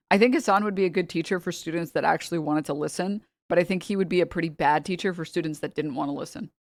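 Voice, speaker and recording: A woman's voice: fairly low pitch, fast talker, darkish tone, no room sound, studio quality. A woman streamer in casual chat, joking and teasing, laughing often.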